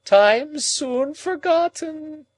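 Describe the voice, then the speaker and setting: A man doing a shrill, wailing old woman. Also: very animated, takes it slowly, dry recording, heavily acted, poor audio. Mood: moaning. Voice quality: shrill, quavering, moaning. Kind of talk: audiobook character reading.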